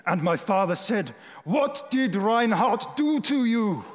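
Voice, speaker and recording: Brief: a man imitating an older German preacher, German accent, earnest and dramatic, raised pitch, echoey hall. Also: very animated, takes it slowly, heavily acted. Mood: dramatic recounting. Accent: German, put on. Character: elderly German male preacher recounting his boyhood calling.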